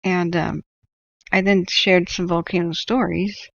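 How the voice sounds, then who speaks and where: Her voice fairly low, creaky, and level, this northern California livestream host speaks at an unhurried pace over dull audio. She chats casually while tracking wildfires, rambling through stories and laughing a lot.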